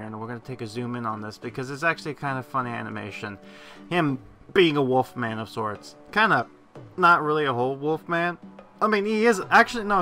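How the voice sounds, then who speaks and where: A man's voice: mid-range voice, bright, forceful tone. A man giving gameplay commentary, rambling and correcting himself as he goes. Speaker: game commentator.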